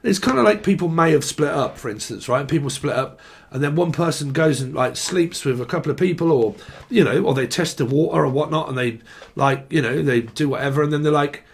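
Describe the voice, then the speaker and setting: A man's voice: on the high side, a little fast, slightly rough. A man giving a casual, rambling tarot reading, full of slang and swearing. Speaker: tarot reader.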